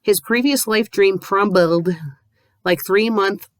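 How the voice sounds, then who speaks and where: A woman's voice: mid-range voice, takes it slowly, dry recording. Mocking woman reading fanfic aloud. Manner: mocking, deadpan asides. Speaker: fanfiction reviewer. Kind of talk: sarcastic dramatic reading with commentary.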